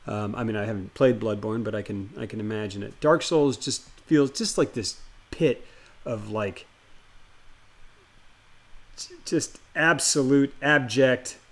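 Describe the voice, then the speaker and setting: A man's voice: medium pitch, unhurried, pauses often. Rambling, chatty male streamer. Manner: chatty and rambling, greets viewers by name, many fillers. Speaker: live streamer. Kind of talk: casual chat with stream viewers, then reading a horror story aloud.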